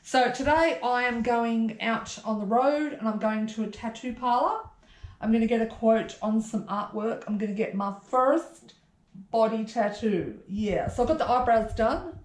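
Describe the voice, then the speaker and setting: A woman's voice: a little high, moderate pace, darkish tone, reverberant. An Australian woman talking casually to an action camera as she shows around her home, blunt and chatty, with the odd swear. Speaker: vlogger.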